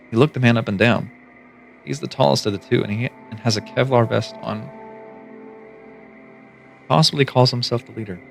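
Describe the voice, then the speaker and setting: A man reading a book aloud to his stream, narrating calmly and steadily in the second person. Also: mid-range voice, normal speed, vocal fry, long pauses, faint music behind.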